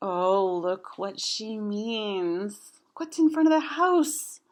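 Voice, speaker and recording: Lady reading a kids book out loud, slow and sing-songy, gentle asides. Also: mid-range voice, sing-song. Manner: gentle, chatty asides to young listeners. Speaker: storybook reader. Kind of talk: children's story read-aloud.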